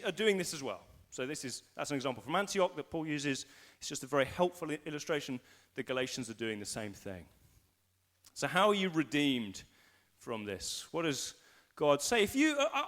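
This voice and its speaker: Animated man preaching a live sermon. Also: high-pitched. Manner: animated preaching, acting out inner voices and anxious thoughts. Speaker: senior pastor. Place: school hall used for a church service.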